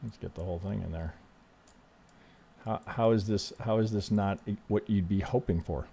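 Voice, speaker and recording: Calm man talking through trading charts. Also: lowish voice, moderate pace, creaky, pauses often, slightly rough. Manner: conversational, frequent restarts, ends thoughts with "right?". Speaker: trading analyst host. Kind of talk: casual chart analysis commentary.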